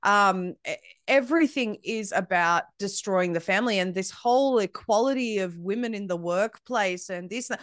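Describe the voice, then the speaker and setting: A woman's voice: mid-range voice, moderate pace, fairly bright tone, dry recording, clean studio sound. A woman from Australia, a podcast guest who talks emphatically and scornfully, often restarting her sentences. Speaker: guest, media founder. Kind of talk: podcast conversation.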